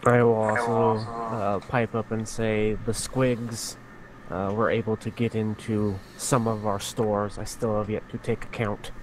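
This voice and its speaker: A man playing a tabletop game, talking casually and haltingly, now and then swearing. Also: lowish voice, level tone, slight background noise, poor audio. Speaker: player.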